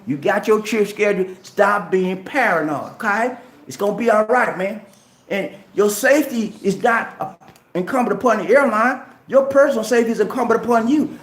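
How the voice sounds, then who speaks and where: A man vlogging in a casual, preachy way who repeats "man" and "okay" and acts out little dialogues. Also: high-pitched. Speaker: travel vlogger. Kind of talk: casual motivational talk to camera. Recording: echoey room.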